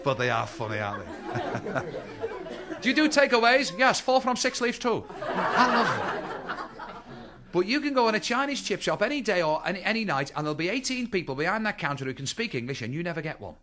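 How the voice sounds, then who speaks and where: Stand-up comic, middle-aged man, high and bouncy voice, rattles along quickly. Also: big pitch swings, heavy background noise. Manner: chatty, quips to the audience with rhetorical questions. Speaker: stand-up comedian. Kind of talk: stand-up routine. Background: audience laughter.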